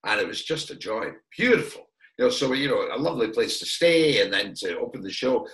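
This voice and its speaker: A man's voice: mid-range voice, lively intonation, a little fast, a bit bright. A Scottish man from Perth, a guest actor, reminiscing in a casual chat and rambling with fillers and restarts. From Perth, Scotland. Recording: echoey room.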